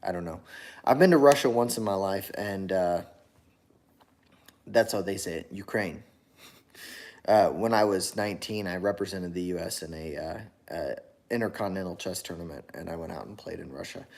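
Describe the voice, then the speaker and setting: A man's voice: low voice, moderate pace, a little mellow. A tired man talking on his own channel in a casual, rambling monologue, full of fillers and restarts. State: tired after a long workday. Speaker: channel host.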